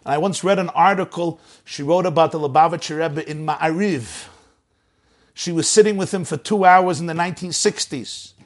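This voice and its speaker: Man, high voice, sermon storytelling, animated. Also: moderate pace. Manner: animated, acts out shouting voices.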